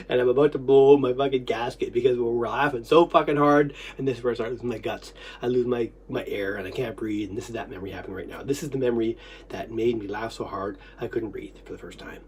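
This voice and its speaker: A vlogger telling a personal story in a rambling way, laughing, coughing and half-crying, swearing freely and dropping to a low quick murmur for asides. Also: a little mellow, husky. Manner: laughs, coughs and half-cries while reliving a memory.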